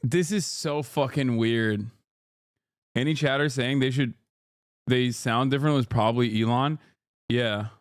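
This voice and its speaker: A man's voice: medium pitch, a little slow, pauses often, no echo, clean studio sound. A man hosting a live stream, reacting to clips in blunt, profane casual commentary. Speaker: streamer host.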